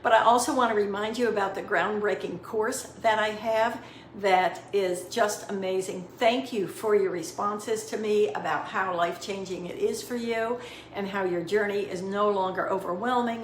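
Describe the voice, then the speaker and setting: A woman's voice: mid-range voice, fairly even intonation, moderate pace. A middle-aged woman hosts a caregiving advice talk, upbeat and earnest, with an encouraging manner. Her voice sits in a middle register. The room around her is echoey, with a faint hiss of noise behind. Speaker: host.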